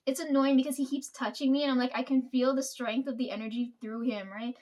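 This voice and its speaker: Young woman, high voice; loose, profane storyteller who laughs often. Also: darkish tone. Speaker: vlogger. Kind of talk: casual storytelling.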